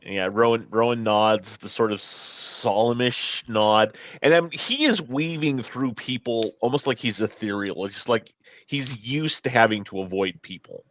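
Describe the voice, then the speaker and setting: A man's voice: medium pitch, unhurried, a bit bright, no room sound, lo-fi sound. A man narrating his character's actions in a tabletop role-play, hesitant with many restarts. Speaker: player.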